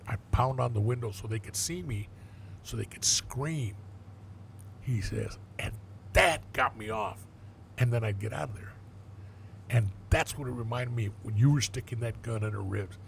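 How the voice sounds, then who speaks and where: A man's voice: medium pitch, vocal fry, a little hiss or hum. An older man, a former police detective, telling blunt, profane stories in a casual interview and acting out the dialogue.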